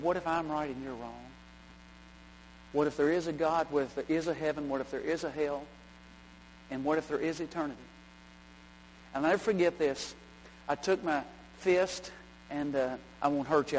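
A pastor preaching a sermon, telling a story in a folksy way and rising to shouting. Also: male voice, fairly high pitch. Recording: hall reverb, faint hum.

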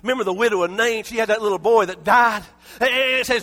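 A preacher delivers a sermon in a high, bright voice. He swings between ringing shouts and quiet, intimate asides to his listeners, full of repeated phrases and direct questions. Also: fast.

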